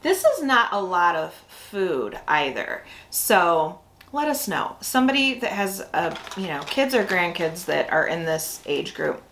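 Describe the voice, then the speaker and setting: A woman's voice: fairly low pitch, sing-song, a little slow, a bit bright, a little hiss or hum, rough recording. A woman hosting a casual snack review, chatty and full of fillers as she thinks aloud. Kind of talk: casual food review chat.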